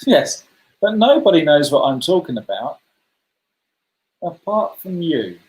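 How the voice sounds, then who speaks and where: Leading a kids' club's letter-guessing game by video call, a man speaks in a fairly high, sing-song voice that's a little slow and a little mellow. He's chatty and supportive, naming players as he praises them, and the recording has a roomy echo.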